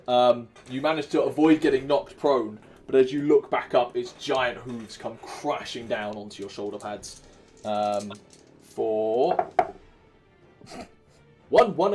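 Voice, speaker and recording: A man's voice: medium pitch, unhurried, a little mellow, soft background music. A man from Wales with a Welsh accent, narrating as dungeon master, counting dice aloud and humming filler sounds. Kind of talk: narrating a tabletop game.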